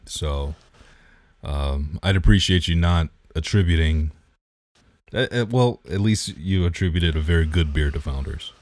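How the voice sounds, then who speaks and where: A man's voice: low voice, a little slow, no room sound. A man co-hosting a podcast in casual chat, teasing and nitpicking about beer. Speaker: podcast co-host.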